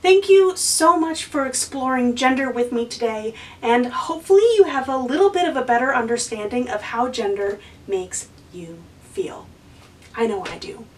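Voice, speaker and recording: A woman's voice: high voice, expressive, moderate pace, hardly any pauses, far from the mic, low-quality recording. A woman hosting a lesson for kids, encouraging and asking the viewer questions. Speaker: children's educator and host.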